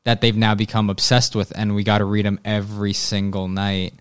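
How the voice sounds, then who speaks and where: A man's voice: lowish voice, level tone, fairly quick, clean tone. A man chatting casually on a podcast, telling rambling, easygoing anecdotes. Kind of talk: casual chat.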